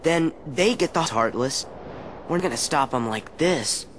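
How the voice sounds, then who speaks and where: An actor voicing a cheerful, excitable teenage boy hero in video game dialogue cut into a comedy edit. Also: fairly high pitch, a little slow, a little hiss or hum. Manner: eager, excitable, lively. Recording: game audio with music behind.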